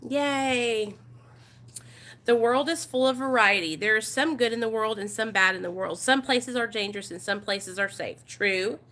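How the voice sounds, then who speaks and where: A woman with an East Texas accent hosts a casual livestream, reading aloud and talking straight with her viewers. Her voice is bright and forceful, at a middling pitch for a woman. She is chatty and blunt, greeting people and answering their comments as they come in. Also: fairly quick, hardly any pauses. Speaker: recovery support livestream host.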